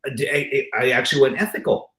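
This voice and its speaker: A man hosts a relaxed interview, his voice sitting in an ordinary middle register. He rambles, trips over restarts and calls his guest brother. The sound carries a noticeable room echo. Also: mid-range voice, fast talker. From Southern California. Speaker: podcast host. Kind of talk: casual conversational interview.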